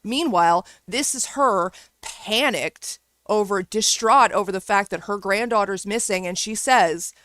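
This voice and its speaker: A woman's voice: medium pitch, unhurried, hardly any pauses, fairly bright tone, no room sound. Furious profane woman ranting close to the mic. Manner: profane, heated, sarcastic. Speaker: commentator reacting to clips. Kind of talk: angry reaction rant.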